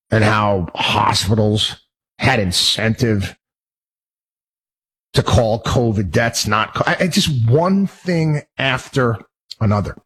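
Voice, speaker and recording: Husky-voiced man ranting, many restarts. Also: fairly low pitch, a bit bright. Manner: rambling, with many restarts and repeated words; indignant and worked up. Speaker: radio talk show host. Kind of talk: casual monologue.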